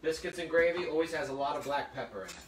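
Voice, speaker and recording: Chatty cook explaining from across an echoey kitchen. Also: male voice, a little high, lively intonation, fast talker, slight background noise. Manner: chatty, explains steps as he cooks. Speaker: cooking instructor. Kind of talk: live cooking demonstration. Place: hot kitchen. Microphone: phone streaming to a remote audience. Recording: echoey room, voice from a distance.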